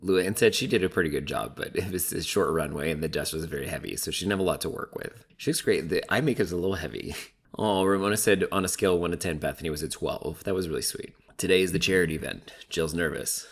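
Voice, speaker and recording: Man, very low register, casual gossipy recap host, filler-heavy. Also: fast, husky. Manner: chatty, gossipy, heavy use of "like". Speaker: reality TV recap commentator.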